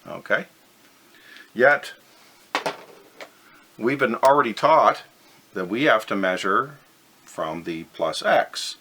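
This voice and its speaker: Guy teaching physics slide by slide, lowish voice, kinda bright and punchy, careful step by step. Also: animated, slow pace, pauses often, slight background noise. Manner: methodical, step-by-step, stresses key words. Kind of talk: recorded lesson explaining over slides.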